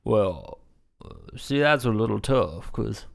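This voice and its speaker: A man's voice: fairly low pitch, lively intonation, slow pace, vocal fry. A man hosting a podcast, profane and teasing in casual banter with his co-hosts. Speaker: podcast host.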